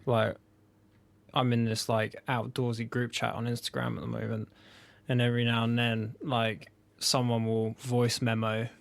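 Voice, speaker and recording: A man's voice: medium pitch, monotone, normal speed, creaky, no echo. A young man with a southern English accent, chatting casually on a podcast, rambling and swearing with self-mocking humor. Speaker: podcast co-host. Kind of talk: relaxed casual chat.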